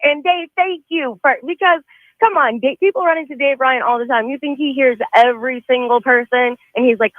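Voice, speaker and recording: A woman calling in to a radio show, talking in an animated, emphatic way. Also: high-pitched, a little fast, no room sound. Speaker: caller. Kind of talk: phone-in call. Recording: tinny phone line.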